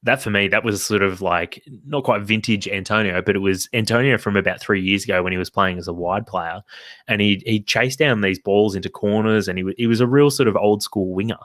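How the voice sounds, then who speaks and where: A low-pitched man chats loosely about a football match, piling up restarts and the occasional curse. His voice sits close and dry on the mic, with no room sound. It sounds like an easygoing podcast co-host. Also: a little fast, a bit bright, dry recording. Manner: rambling, with restarts and casual swearing. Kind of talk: casual football chat.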